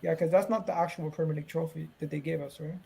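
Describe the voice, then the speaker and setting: Give me a man with a high voice, animatedly hosting a casual football podcast. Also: fast talker, gravelly, slightly rough. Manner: animated, talks over others, asks the audience to engage. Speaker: podcast host.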